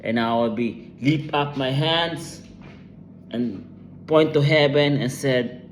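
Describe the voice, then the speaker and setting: A man's voice: mid-range voice, takes it slowly, a little hiss or hum. A man delivering an intense, rambling personal monologue, emotional and full of profanity.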